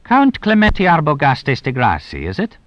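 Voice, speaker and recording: A man's voice: fairly high pitch, huge pitch swings, moderate pace, no room sound, highs cut off, pitched above the performer's own voice. A man voicing a shrewd, teasing police inspector who probes with dry, mock-innocent questions. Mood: sly.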